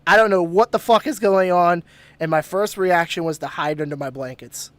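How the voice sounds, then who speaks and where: A man's voice: sits high, normal speed, no room sound. A man hosting a podcast, telling a story casually with lots of swearing and laughter. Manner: profane, laughing, animated retelling. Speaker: podcast host.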